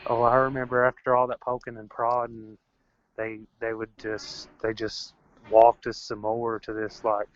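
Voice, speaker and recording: A man's voice: medium pitch, completely flat delivery, measured pace, dull audio. A man as a guest in a casual chat over a call, rambling and leaning on fillers.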